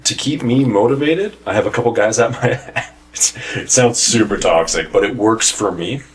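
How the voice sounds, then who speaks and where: A man's voice: lowish voice, normal speed, reverberant, slight background noise. A man chatting as a podcast guest, telling stories and acting out other people's remarks. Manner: animated storyteller who acts out quoted remarks. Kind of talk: casual chat.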